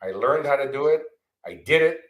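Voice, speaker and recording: A man on a podcast as a guest coach and author, telling lively stories and acting out the exchanges he quotes. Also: mid-range voice, brisk, poor audio. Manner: animated storyteller, acts out quoted exchanges. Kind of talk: storytelling podcast interview. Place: abroad in Australia, remote interview.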